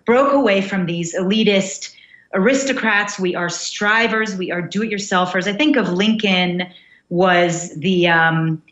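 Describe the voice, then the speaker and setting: A woman's voice: medium pitch, unhurried, fairly bright tone. Reflective young American woman, echoey. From United States. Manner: reflective, thinking aloud with many fillers and restarts. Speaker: guest writer. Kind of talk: casual interview conversation.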